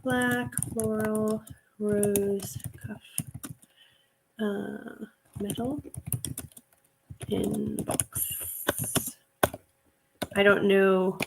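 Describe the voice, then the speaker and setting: Woman reseller chatting on her live stream, gushy and talkative, mid pitch, keyboard typing in the background. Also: creaky, noisy background. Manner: chatty, gushing over items, reads viewer comments. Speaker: reseller livestream host. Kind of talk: casual live-stream chat.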